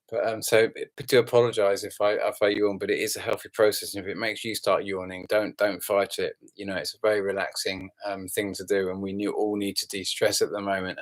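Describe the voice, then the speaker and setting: A man hosting a casual live stream, rambling and halting with many fillers, yawning and relaxed after some red wine. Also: fairly low pitch.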